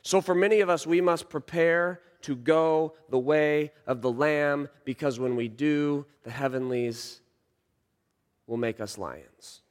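A man in his thirties preaching a sermon, telling a story and swinging from hushed lines to shouts. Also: on the high side, unhurried, clean tone. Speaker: pastor. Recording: long reverb of a large hall.

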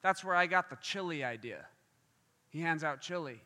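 A man with a fairly high voice preaches a sermon at normal speed, recorded with long hall reverb. He tells a story in an animated way, acting out the voices of its characters.

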